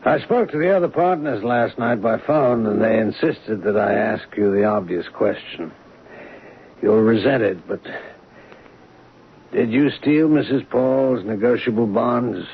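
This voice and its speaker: An actor playing a calm, measured brokerage boss in a 1970s radio drama. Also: male voice, medium pitch, gravelly, breathy edge, full character voice. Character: calm, smooth older male brokerage boss. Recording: dull 1970s radio broadcast.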